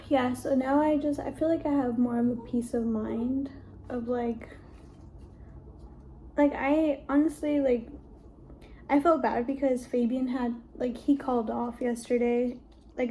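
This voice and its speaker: A young woman speaks to her camera in a casual, halting way, her speech full of "like" as she works through something emotional. Her voice sits slightly high yet sounds warm and mellow. A faint room ambience hums underneath. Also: creaky, a little hiss or hum. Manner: heavy use of "like", halting and emotional. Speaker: vlogger.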